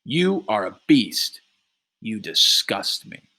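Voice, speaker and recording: A man reading a play aloud, voicing a calm and quietly firm male juror. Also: on the low side, full character voice. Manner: calm, measured.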